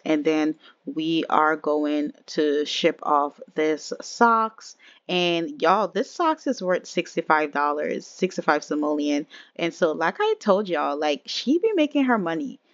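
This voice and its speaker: A woman narrates her life-simulation gameplay in a chatty, easygoing manner, often calling out to her viewers. Her voice sits slightly low. The sound is a little dull and very dry, close to a home desk mic. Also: no echo. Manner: chatty, addresses viewers as y'all. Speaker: game streamer. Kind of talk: casual let's-play commentary.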